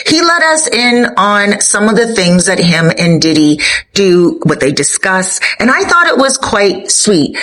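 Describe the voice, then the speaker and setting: A woman's voice: medium pitch, a bit bright, poor audio. A Canadian woman with a Canadian accent, giving an earnest, opinionated commentary monologue straight to her viewers. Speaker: commentary vlogger.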